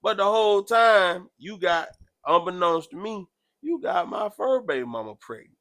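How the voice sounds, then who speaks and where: A man chatting casually, telling a story with animated, loud acted-out quotes. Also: normal speed, no echo, studio quality. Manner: animated, acts out quotes with sudden loud jumps in pitch. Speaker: podcast host.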